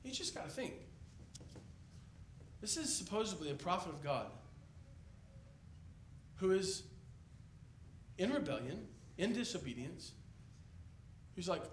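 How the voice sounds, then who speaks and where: A man preaching an expository sermon in a conversational, animated way, acting out the people in the story. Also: high-pitched, measured pace, long pauses, slight background noise. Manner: animated, conversational, acts out biblical characters. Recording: echoey room, mic at a distance.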